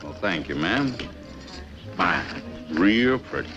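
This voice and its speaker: A drawling Texan fellow, as an actor puts him on, folksy and tight-lipped, with a low voice that swings up and down. He keeps his answers short and courteous in a drama series. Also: sing-song, takes it slowly, a bit bright, muffled recording, faint music behind, heavily acted. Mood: folksy polite. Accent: Texan, put on. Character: brash male Texan buyer, polite, tight-lipped.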